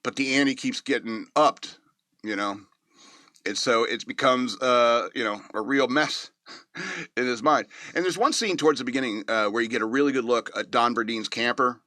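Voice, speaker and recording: A man talks through a movie review in a loose, meandering way, stopping for ums and small chuckles. His voice is bright and forceful at a middling pitch. The sound is dry and close, with no room around it. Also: normal speed, no room sound. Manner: rambling, with many fillers and chuckles. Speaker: podcast host reviewing a movie. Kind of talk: casual spoken movie review.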